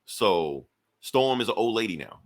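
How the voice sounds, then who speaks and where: A man's voice: on the low side, big pitch swings, measured pace. A man co-hosting a podcast, loosely recapping a comic book in casual, rambling talk full of fillers. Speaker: podcast co-host.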